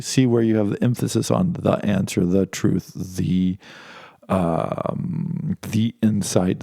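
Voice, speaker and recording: A man's voice: fairly low pitch, gravelly, dark tone, husky, no echo, studio quality. A man giving an informal philosophy lecture, talking conversationally with many restarts and asides.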